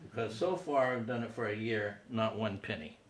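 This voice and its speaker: A man in his fifties hosts a comedy talk show from his living room before a small audience, delivering a casual, self-deprecating monologue and laughing at his own jokes. His voice is on the low side at normal speed, sounding reverberant with slight background noise.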